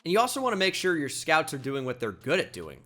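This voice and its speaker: A man's voice: on the high side, wildly swooping pitch, fast, sharp tone. A young man casually commenting on his own baseball video game, calling plays and erupting on big moments. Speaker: gaming commentator.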